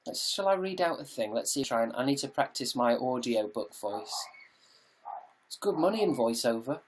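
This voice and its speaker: A man's voice: mid-range voice, animated, moderate pace, slight background noise. A British man chatting casually on a live stream, reading out viewer comments and answering them in a jokey, sweary way from his home.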